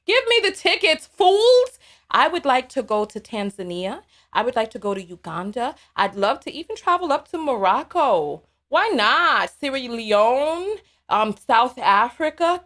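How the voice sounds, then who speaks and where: A woman hosting a live call-in stream, reading viewer messages aloud and commenting in an animated, sassy way. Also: on the high side. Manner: animated, sassy, quick to laugh. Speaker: live call-in show host.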